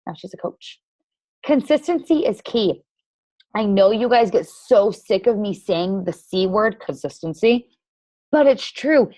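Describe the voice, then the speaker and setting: A woman's voice: mid-range voice, lively intonation, unhurried, dark tone, dry recording. Brief: woman team leader, blunt and emphatic, casual motivational talk, dry close sound. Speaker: team leader of fitness coaches.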